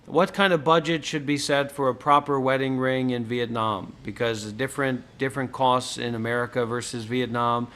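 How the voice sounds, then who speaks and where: A man's voice: mid-range voice, steady tone, normal speed, hardly any pauses, fairly bright tone. A man hosting a casual stream, pressing with insistent, pointed questions. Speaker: host. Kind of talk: casual livestream chat.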